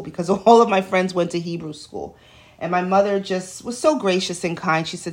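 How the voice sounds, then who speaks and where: A woman's voice: on the low side, normal speed. Woman from New York City, podcast host, casual solo storytelling, chatty, digressive, home studio.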